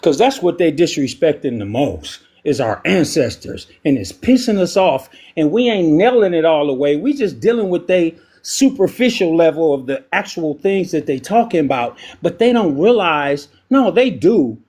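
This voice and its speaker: A man speaking in a live online debate, passionate and emotional, with frequent pauses and "um"s. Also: fairly high pitch, lively intonation, a little mellow, husky. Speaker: debate panelist.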